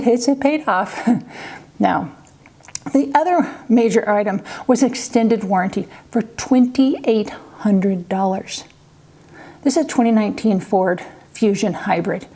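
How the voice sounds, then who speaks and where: A woman's voice: fairly high pitch, dark tone. A middle-aged woman from Kansas telling a family story in a chatty vlog, acting out the quoted voices with little laughs. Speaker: vlogger, mother.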